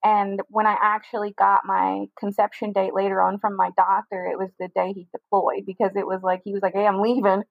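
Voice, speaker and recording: A young woman telling a personal story in a casual interview, talking quickly with lots of "like" fillers. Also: medium pitch, completely flat delivery, gravelly, dry recording, muffled recording. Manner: fast chatty storytelling with many "like" fillers. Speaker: guest telling her story.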